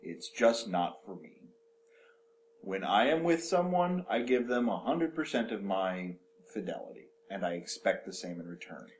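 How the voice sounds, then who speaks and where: Male podcast co-host, low and animated, rambling and foul-mouthed. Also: normal speed, a little hiss or hum. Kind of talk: casual podcast chat.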